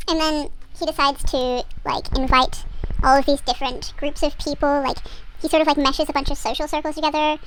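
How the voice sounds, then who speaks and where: A woman's voice: high-pitched, steady tone, a little fast, fairly bright tone, a little hiss or hum, poor audio. A young woman, casually chatting and retelling a book plot in a sarcastic, sweary way. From Australia. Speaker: book vlogger.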